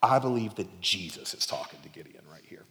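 A male preacher giving an expository sermon in an animated, conversational, emphatic way. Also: deep voice, brisk, long reverb tail.

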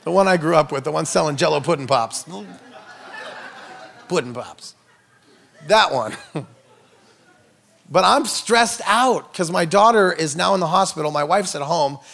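A man's voice: a little high, animated, fairly quick, vocal fry, hardly any pauses, a bit bright. A man, an itinerant minister giving a humorous testimony sermon, telling a story with jokey asides to the audience. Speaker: itinerant minister, guest speaker.

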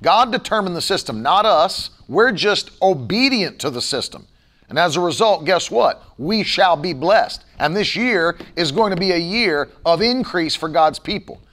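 Guy preaching a sermon, high voice swinging all over, hammers points home, keeps asking questions. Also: lively intonation, normal speed, a bit bright. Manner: emphatic and repetitive, with rhetorical questions. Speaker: pastor.

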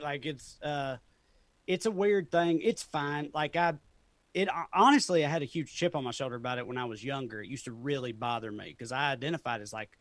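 A man's voice: mid-range voice, fairly bright tone, dry recording. A man with a Southern Tennessee accent, a comedian talking loosely and often laughing in an interview. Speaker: comedian guest. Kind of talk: casual interview chat.

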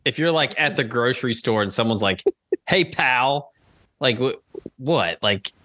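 Casting: male podcast co-host, lively bright voice, jokey, dry close sound. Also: moderate pace, no room sound. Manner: animated, jokey, swings pitch for bits. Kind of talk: casual chat.

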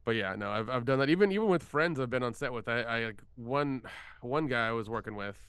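A man on a podcast telling a story from a film set in a rapid, profane way, with many restarts. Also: mid-range voice, animated, a bit bright, smooth, no room sound, clean studio sound. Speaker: podcast co-host, filmmaker. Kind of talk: casual podcast chat.

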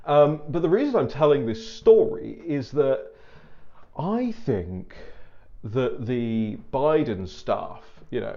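A man's voice: mid-range voice, sing-song, takes it slowly, vocal fry, dark tone, lo-fi sound. Wry British man, rambling talk. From Britain. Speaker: political commentator. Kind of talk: casual anecdotal monologue.

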